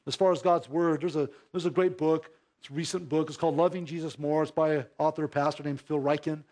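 Man, pastor, sermon, high-pitched voice, hushed asides then emphatic rises, rhetorical questions. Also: steady tone, brisk. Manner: swings between hushed low asides and raised emphatic exhortation; addresses the congregation directly with rhetorical questions.

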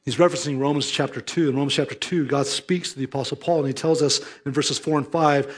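A man's voice: mid-range voice, fairly even intonation, quick pace, hardly any pauses, breathy edge. A man preaching a sermon as pastor, earnest and emphatic, mixing scripture with storytelling.

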